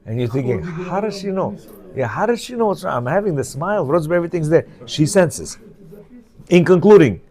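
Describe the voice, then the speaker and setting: Guy reading and explaining a book to a room of men, mellow, keeps asking do you hear. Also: on the high side, sing-song, moderate pace. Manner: conversational, repeats questions to the listeners. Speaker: Torah class teacher. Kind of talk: reading a book aloud and explaining it to a men's class.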